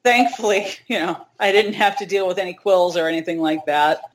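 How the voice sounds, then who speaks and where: Woman, middle-aged, casual interview guest, lively delivery, acts out dialogue. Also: fairly low pitch, a little fast, a little hiss or hum. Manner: animated, acts out quoted dialogue.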